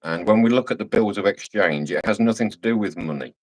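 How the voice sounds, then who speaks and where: A man's voice: on the low side, fairly quick, rough recording. A Scottish man in casual chat, talking emphatically and repeating his points in a lecturing way. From Scotland. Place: home.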